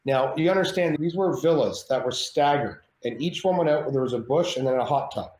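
A man guest on a podcast, telling a personal story in casual chat, animated and swearing freely, acting out the voices of others. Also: mid-range voice, a little fast. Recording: roomy echo with faint ambience.

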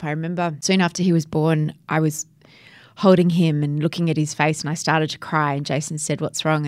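A woman's voice: deep voice, no echo, studio quality. A middle-aged woman co-hosting a podcast, talking in an effusive, emotional, storytelling way. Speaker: podcast co-host. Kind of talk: casual chat.

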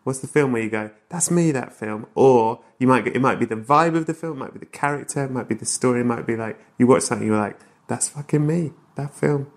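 Man, podcast host, playful and teasing, relaxed chat. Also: medium pitch, fast talker, creaky. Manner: playful, teasing, swears casually. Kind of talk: casual comedic interview.

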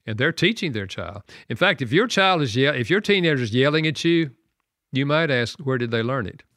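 An older man, a guest author on a radio talk show, telling a personal story in an earnest, soft-spoken way and laughing at himself. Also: medium pitch, animated, fairly quick, no room sound, clean studio sound. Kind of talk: conversational storytelling.

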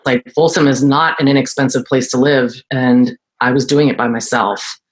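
Woman, low pitch, forties, casual interview storytelling, animated, mimics voices of others. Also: normal speed. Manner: animated, acts out quoted voices in a high pitch. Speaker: guest, esthetician and entrepreneur.

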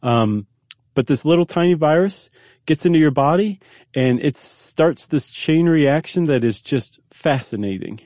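A man's voice: on the high side, animated, unhurried, darkish tone, no echo, clean studio sound. A man co-hosting a podcast, explaining things in a curious, casual way with many fillers. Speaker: podcast co-host. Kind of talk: casual conversational chat.

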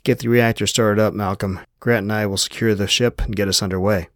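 A tough, determined woman agent barks short orders in a clipped, no-nonsense way, as a male narrator puts her on. Her lines come in a lowish, tight register. The sound is close and dry. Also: fairly even intonation, a little fast, fairly bright tone, no room sound, lightly acted. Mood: brisk.

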